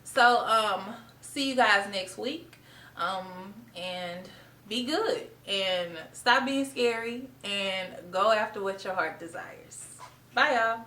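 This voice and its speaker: Speaking casually to the camera, a young former middle school art teacher recounts her story, heartfelt and talkative. She takes her time, her medium-pitched voice bright and forceful, and the recording quality is poor.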